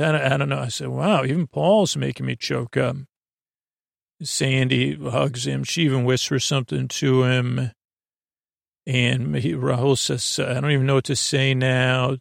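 A man's voice: mid-range voice, creaky, no echo, studio quality. A man hosting a sleep podcast, casually recapping a show in a rambling, hesitant way with many fillers, sometimes getting choked up.

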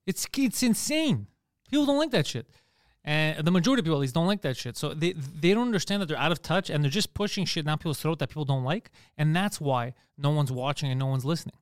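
Fast-talking animated man, podcast host. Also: fairly high pitch, clean tone, no echo, clean studio sound. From Canada. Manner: rapid, animated, swears freely. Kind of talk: casual podcast chat.

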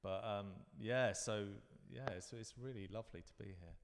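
A man's voice: lowish voice, moderate pace, vocal fry, in a large hall, noisy background. A man in his fifties from London, a guest performer in a live interview, telling rambling, reflective stories with frequent restarts. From London, England.

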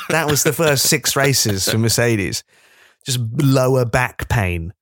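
A man co-hosting a podcast in casual comedic chat, animated and sweary. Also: mid-range voice, slow pace, no echo, clean studio sound. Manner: animated and sweary, breaking into impressions. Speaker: podcast co-host.

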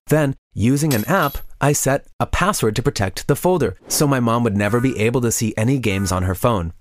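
A man's voice: mid-range voice, a little hiss or hum. A man narrating a first-person confessional story in a scripted way.

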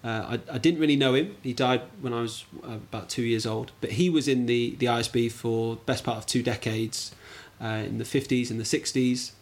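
A man's voice: medium pitch, steady tone, fairly quick, hardly any pauses. Laid-back English man, self-deprecating. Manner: self-deprecating, laughs easily, hesitant fillers. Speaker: podcast guest, bandmaster. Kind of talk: casual interview chat.

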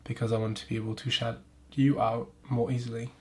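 A French-accented man hosts a podcast in loose, casual chat, his voice stuffy and nasal from pollen. He rambles, swears a lot and pokes fun at himself, sitting at an everyday middle pitch. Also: level tone, normal speed, long pauses. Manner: profane, rambling, self-mocking. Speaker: podcast host. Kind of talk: casual chat and reading aloud.

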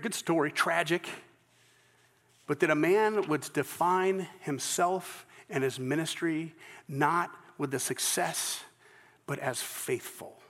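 High-voiced Southern pastor preaching. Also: male voice, a bit bright, in a large hall. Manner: storytelling, earnest, with false starts. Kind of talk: sermon.

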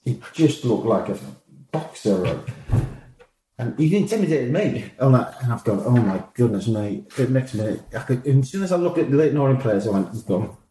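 A man, a former football manager, telling lively anecdotes in an interview and acting out the lines of people in his stories. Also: mid-range voice, a little fast, slight background noise. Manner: animated storyteller, acts out quoted dialogue, laughs often. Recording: roomy echo.

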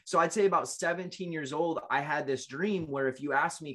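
A man's voice: on the high side, fast talker, hardly any pauses, a bit bright. A man in his late twenties, a guest in an interview, telling his life story in an earnest, emotional way with frequent restarts. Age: late 20s.

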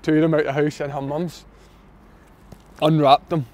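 A man's voice: on the high side, normal speed. A Scottish man telling a long funny story in casual chat, acting out what people said. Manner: animated anecdote teller, lots of quoted dialogue.

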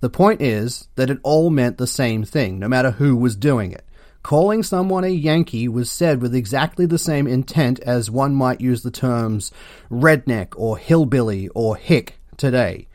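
A man with an Australian accent hosting a comedic history podcast, delivering sarcastic, deadpan jokes. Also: medium pitch, a little slow, dry recording, clean studio sound. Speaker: podcast host.

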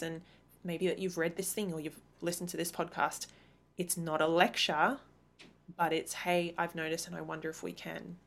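An earnest woman in her thirties coaches parents on her own podcast. Her voice sits a little low. She leans hard on key words and now and then acts out a snappy retort. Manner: earnest, emphatic, acts out quick imagined retorts. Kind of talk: solo podcast talk.

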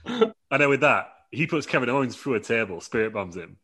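A man's voice: mid-range voice, big pitch swings, a little fast, pushed and bright, slightly rough. A man telling a long, rambling made-up story in a casual podcast chat, laughing often and acting out quotes.

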